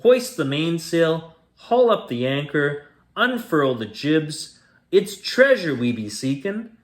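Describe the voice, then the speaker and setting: A man voicing a loud, gruff, smelly old male pirate in a storybook reading, hollering in pirate talk. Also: fairly high pitch, sing-song, slow. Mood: hearty.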